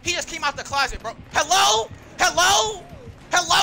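A man giving excitable gameplay commentary, yelling and complaining in slangy talk. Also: very high voice, normal speed, gravelly, music in the background. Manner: slangy, frequent "bro". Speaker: gamer.

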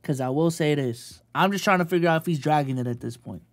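A man's voice: a little high, fast talker, heavy background noise. A man reacting to a video in casual streamer commentary, blunt and profane, joking with his audience.

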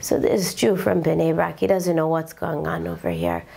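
A woman giving a storytelling lecture as a rebbetzin, in an animated way, acting out the characters. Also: low voice, normal speed, creaky. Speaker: rebbetzin speaker.

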